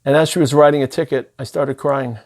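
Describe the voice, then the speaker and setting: A man's voice: medium pitch, fairly even intonation, brisk, a little mellow. A man, a rabbi who lives in Israel, giving an impassioned holiday sermon that builds through long spoken lists. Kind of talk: sermon-style speech.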